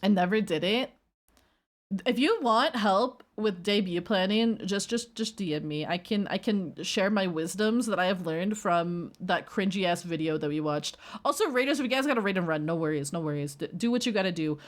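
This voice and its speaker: A woman's voice: medium pitch, animated, moderate pace. A woman streamer chatting casually and rambling while reacting to her chat. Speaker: livestreamer.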